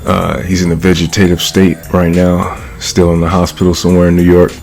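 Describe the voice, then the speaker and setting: Low, gravelly man riffing casually. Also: monotone, fairly quick, a little mellow, soft background music. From California. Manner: slangy, profane, laughs often, repeats "you know what I'm saying". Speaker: vlogger. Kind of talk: casual commentary monologue.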